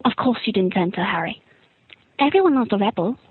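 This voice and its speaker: A woman voicing a cutting, probing female tabloid reporter in a crisp, mocking, deliberate way. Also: mid-range voice, expressive. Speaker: listener sending an impression. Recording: tinny phone-like recording.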